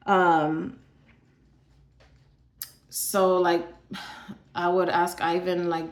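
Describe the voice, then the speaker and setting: A woman's voice: on the low side, little pitch movement, extremely slow, long pauses, echoey room. A woman from Arizona telling her own story in a casual, chatty way, full of fillers and the odd sigh. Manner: chatty, filler-heavy, sighs between thoughts. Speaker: vlogger sharing her illness story.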